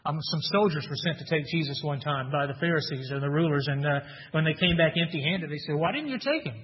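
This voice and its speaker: A man's voice: a little high, steady tone, fast talker. A man preaching a sermon in an earnest teaching tone, asking rhetorical questions and reading scripture aloud. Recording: dull sound with long hall reverb.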